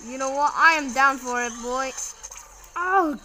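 A child gamer narrating a match with a high, bright voice, excitable and full of repeated slang. The delivery is slow and drawn out even when the action heats up. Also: slight background noise, rough recording. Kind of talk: casual gameplay commentary.

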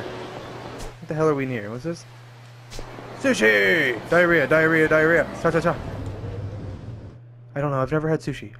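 Young male let's-player, cussing and excitable, slightly high voice. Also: a little hiss or hum. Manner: profane, excitable, jokey. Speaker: gaming channel host. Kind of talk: let's play commentary. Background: game music.

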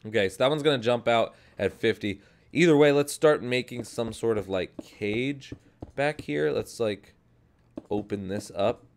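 A man's voice: deep voice, clean tone. A young man casually narrating his own gameplay as a video host, rambling upbeat and often correcting himself. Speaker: gaming channel host. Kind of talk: casual Minecraft let's play commentary.

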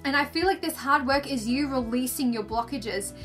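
A woman's voice: high-pitched, moderate pace, a bit bright. Woman, casual card reading, gushing, rambling, faint music behind. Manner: chatty, gushing, full of "like" and "um". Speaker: tarot and angel card reader. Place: indoors under filming lights.

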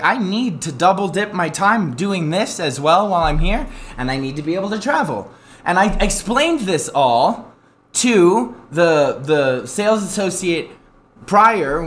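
A man streaming live, telling an angry story in a profane, animated rant with sudden loud outbursts and self-mocking asides. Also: high-pitched.

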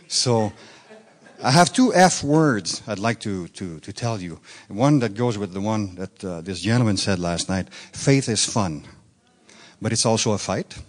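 A man from Quebec preaches in English, his native French showing through a Quebec French accent. His sermon is loose and conversational, with playful asides to the crowd and sudden rises of enthusiasm. His voice sits at a middle pitch for a man. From Quebec, Canada. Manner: chatty, joking asides, bursts of enthusiasm. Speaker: guest minister. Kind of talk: informal sermon. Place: church meeting on stage.

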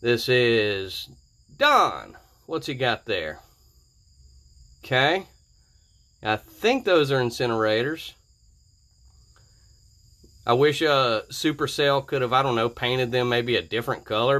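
A man talks over his gameplay footage in an easygoing, joking way, wandering off track and restarting his sentences. His voice sits at an ordinary middle pitch. It sounds like a home voice-over for a video channel. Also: lively intonation, slow pace, pauses often, fairly bright tone. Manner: playful, jokey, rambling with self-corrections. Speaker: gaming channel host. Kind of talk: casual gameplay commentary.

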